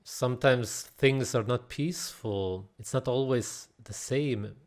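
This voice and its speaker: A man's voice: medium pitch, slow pace. A man reacting to a video in casual, ranting commentary, blunt and mocking, swearing and often laughing in disbelief.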